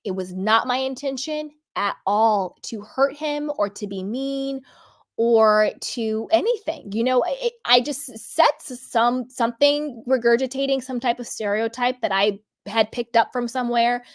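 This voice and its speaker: A woman's voice: a little high, a little slow. A woman hosting a reality TV commentary vlog, speaking earnestly and candidly and stretching out the words she wants to stress. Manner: candid, personal storytelling. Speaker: vlog host.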